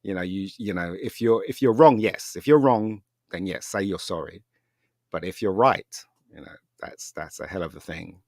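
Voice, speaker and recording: A man with a low, deep voice talks in a casual podcast chat. He tells a rambling personal story with animation and laughs often. The sound is dry and close, with no room echo. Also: normal speed, a little mellow. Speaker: podcast guest, filmmaker.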